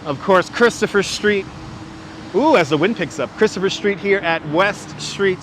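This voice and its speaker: A man's voice: high voice, moderate pace, background noise. A man hosting a casual walking livestream outdoors on city streets, chatting enthusiastically and greeting viewers by name through a wireless clip-on mic. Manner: chatty, greets viewers and reads their comments aloud. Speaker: livestream host.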